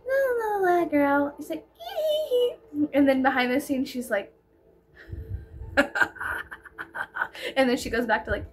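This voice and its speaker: A high-voiced woman with a Texan accent tells a long, rambling story straight to camera. She fills her talk with "like" and breaks into giggles and whispered asides. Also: fairly bright tone. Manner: rambling, giggly, says "like" constantly. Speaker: vlogger. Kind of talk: casual storytime.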